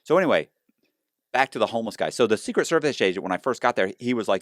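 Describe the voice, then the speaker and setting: A man's voice: medium pitch, lively intonation, quick pace, no room sound, studio quality. A man telling his own story in a casual interview. He restarts often and acts out the dialogue.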